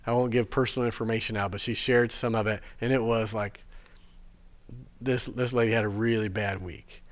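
A man's voice: lowish voice, fairly even intonation, normal speed. Rambling male preacher telling a story. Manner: chatty and rambling with fillers and restarts; grows hushed and earnest when preaching. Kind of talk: sermon storytelling.

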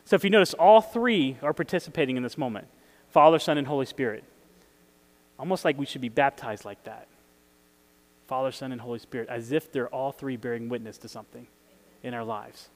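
A man's voice: mid-range voice, a little fast. A man preaching a casual sermon, conversational and chuckling, putting questions to his listeners. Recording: hall with long reverb.

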